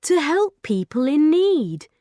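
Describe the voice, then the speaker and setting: A woman's voice: sits high, big pitch swings, slow, mellow, no room sound, studio quality, pitched above the performer's own voice, full character voice. A woman voicing an eager, naive teenage boy robot who talks in a wide-eyed, earnest way. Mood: curious. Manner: wide-eyed and earnest, asking simple questions.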